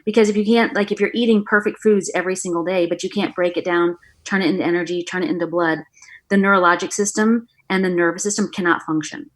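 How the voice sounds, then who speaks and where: A middle-aged woman, a guest on an interview show, telling her story with lively energy and acting out the dialogue. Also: fairly low pitch, fast. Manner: animated storyteller, acts out quoted dialogue. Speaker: guest, author and former acupuncturist.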